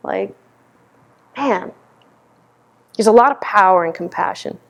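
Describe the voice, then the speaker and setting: A woman's voice: mid-range voice, moderate pace, long pauses. A woman giving a dharma talk as a meditation teacher, telling stories in a candid, conversational way.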